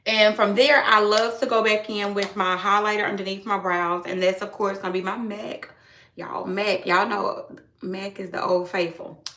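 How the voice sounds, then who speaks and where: A woman's voice: mid-range voice, fairly even intonation, normal speed, fairly bright tone. A woman chatting casually to her viewers while doing her makeup on a livestream, often calling them "y'all". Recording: echoey room.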